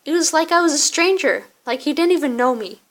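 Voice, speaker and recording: A woman's voice: sits high, animated, fairly quick, fairly bright tone, voice pushed up. A woman voicing a hurt, curt young woman. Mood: bitter.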